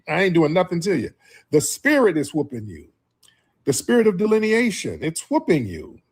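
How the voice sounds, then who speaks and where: Husky-voiced man, preachy live-stream host. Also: fairly high pitch, big pitch swings, normal speed, darkish tone. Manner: preachy, combative, calls in viewers.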